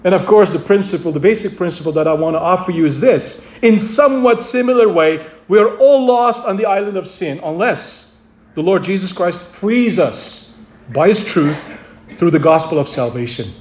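A man's voice: sits high, animated, normal speed, a little mellow, a little hiss or hum. A man preaching a sermon to his congregation, emphatic and repeating key phrases. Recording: echoey room.

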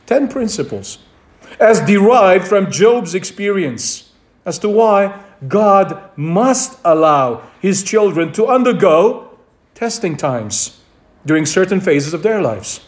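A pastor delivering a sermon to his congregation, measured and deliberate, repeating key words for emphasis. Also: high-pitched.

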